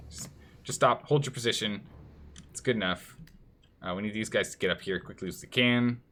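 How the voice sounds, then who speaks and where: A man's voice: on the low side, normal speed, bright, forceful tone, a little hiss or hum. A man streaming a strategy game and commenting live, thinking aloud and scolding the game's nations in mock outrage.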